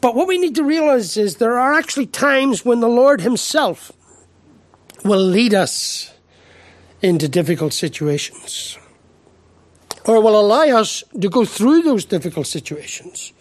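A man's voice: very high voice, very animated, measured pace, no room sound. Irish guy giving a sermon, voice jumps all over, stumbles on words, lots of "isn't it?" questions. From Ireland. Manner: emphatic, rhetorical questions, stumbling repeats. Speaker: preacher.

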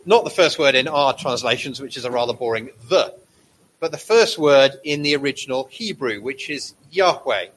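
A man preaching a sermon, measured and slowing down to stress key words. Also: mid-range voice, animated, a bit bright, slightly rough, poor audio.

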